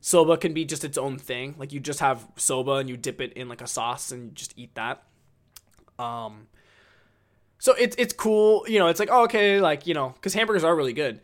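A man's voice: fairly high pitch, lively intonation, normal speed. A man hosting a casual solo podcast, rambling enthusiastically with lots of ums and likes. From United States. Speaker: podcast host.

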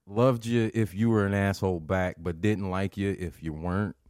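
A man telling a rough work story in casual chat, swearing freely and laughing at his own jokes. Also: deep voice, moderate pace, no echo, clean studio sound. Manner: profane, laughing, animated storyteller.

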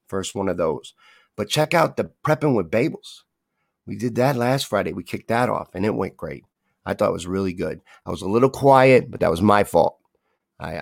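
Gravelly, heated livestream host. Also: male voice, fairly low pitch, no room sound, studio quality. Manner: heated, swearing, talks straight to viewers. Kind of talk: casual livestream talk, reading chat.

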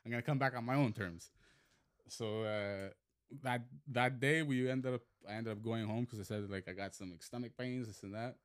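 A man telling a high-school fight story in casual podcast chat, swearing freely and acting out the quotes. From Montreal. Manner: swearing, animated retelling with acted quotes.

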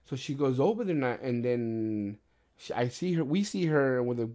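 A middle-aged man hosting a podcast, telling stories in casual chat, swearing often and getting animated. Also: medium pitch, moderate pace. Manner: profane, animated storyteller. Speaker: podcast host.

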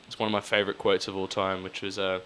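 Bright-voiced man telling stories. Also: low voice, quick pace, slight background noise. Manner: storytelling, swearing, animated impressions. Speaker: podcast co-host. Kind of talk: casual chat.

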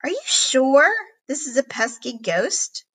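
A woman's voice: high voice, sing-song, takes it slowly, fairly bright tone, slightly rough, exaggerated voice, poor audio. A woman reading aloud, voicing a practical, bossy young girl with a matter-of-fact way of talking.

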